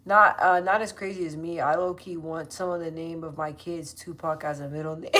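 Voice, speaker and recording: A woman in her thirties chatting loosely to her livestream viewers on her phone, slangy and full of quick asides. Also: sits low, steady tone, very noisy. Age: 30s. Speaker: livestream host. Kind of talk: casual livestream chat reading comments.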